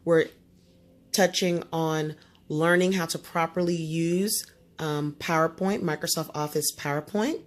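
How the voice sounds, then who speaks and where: A woman teaching a student one-on-one in a homeschool lesson, coaching and often checking understanding with quick tag questions. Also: low-pitched, fairly even intonation.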